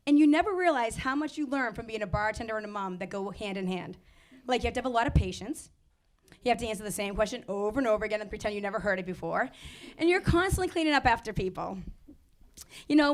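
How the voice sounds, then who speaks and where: A woman's voice: on the high side, fairly bright tone. A woman in her thirties doing a stand-up set about motherhood, sassy and acting out little exchanges. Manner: brisk, sassy, acts out characters. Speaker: stand-up comedian. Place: comedy club stage.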